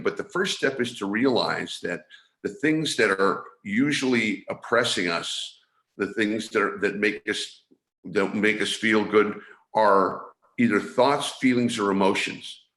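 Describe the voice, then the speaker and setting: A man from San Francisco, USA, appears as a guest on a video call, sincerely describing his energy awareness training and often backing up to restart phrases. His voice is on the low side and fairly bright, with roomy-sounding audio.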